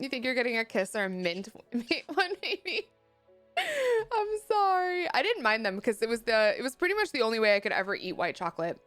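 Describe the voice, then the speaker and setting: A woman's voice: medium pitch, fairly bright tone. A young woman chatting casually on a live stream, reading chat messages aloud and laughing often. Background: faint music.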